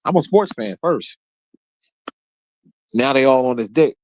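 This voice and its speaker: Animated man trash-talking sports. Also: mid-range voice, unhurried, no echo. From Philadelphia area. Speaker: host. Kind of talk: casual sports rant.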